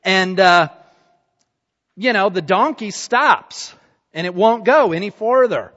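High-voiced pastor telling a story. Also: male voice, slow pace, fairly bright tone. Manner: conversational storytelling with fillers like "you know" and "okay?". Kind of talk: sermon. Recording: dull recording with long hall reverb.

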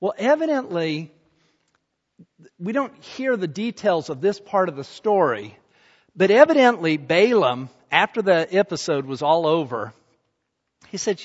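A pastor with a high voice for a man tells a scripture story in a loose, chatty way, dropping in asides and checking that the people are following. The recording sounds dull and muffled. It has the long reverb of a church hall. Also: sing-song, unhurried, long pauses. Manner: conversational storytelling with fillers like "you know" and "okay?". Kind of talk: sermon.

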